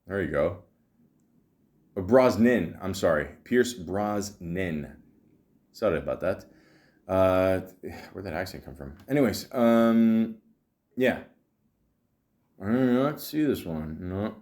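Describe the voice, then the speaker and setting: Man, podcast host, low voice, rambling casual chat, lots of ums and restarts, swears. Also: expressive, slow, pauses often, a little mellow.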